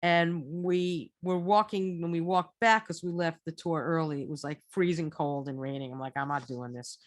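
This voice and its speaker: A woman's voice: lowish voice, steady tone, moderate pace, no room sound, studio quality. A woman telling a casual travel story, chatty and rambling, restarting her phrases often. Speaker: storyteller recounting a trip.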